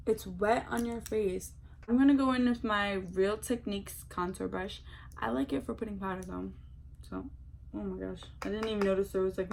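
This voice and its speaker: A young woman talks through her makeup routine in a loose, excitable way, packing her sentences with "like" and slang. Her voice has a gravelly, creaky texture, and faint noise sits under it. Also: mid-range voice. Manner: chatty and excitable, full of "like" and slang. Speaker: beauty vlogger. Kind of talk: casual chat while doing makeup.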